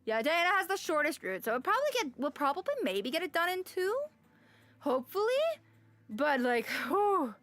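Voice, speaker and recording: High-voiced chatty woman streamer. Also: sing-song, moderate pace, fairly bright tone, dry recording. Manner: chatty, with frequent sighs and exclamations. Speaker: game streamer. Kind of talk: casual live-stream chat and reading game text aloud. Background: faint music.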